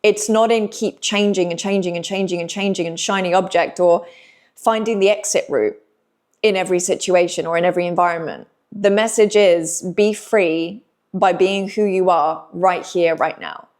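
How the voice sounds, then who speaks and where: Gentle soothing woman reader. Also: lowish voice. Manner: gentle, reassuring, emotional, with sighs and pauses. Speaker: intuitive reader speaking to viewers. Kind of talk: spiritual channeled message to camera.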